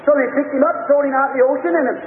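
High-voiced preacher in an echoey hall. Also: male voice, steady tone, rapid-fire. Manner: fervent storytelling preacher, rising to shouts. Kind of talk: sermon. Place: church hall. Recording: echoey hall on a tinny old tape.

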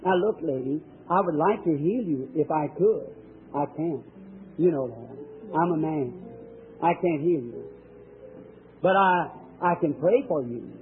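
Praying fervently at a healing service, a male faith healer speaks emphatically and directly to individuals in turn. His voice is a little high and measured in pace, and the thin, tinny archival tape carries a little hiss or hum.

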